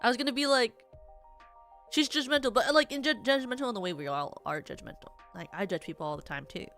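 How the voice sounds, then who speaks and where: A woman's voice: a little high, fast talker, fairly bright tone, soft background music. Chatty, theatrical young woman streamer. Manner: rambling, chatty, many filler likes; self-described yappy, theatrical. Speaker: VTuber streamer. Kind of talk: casual stream chat.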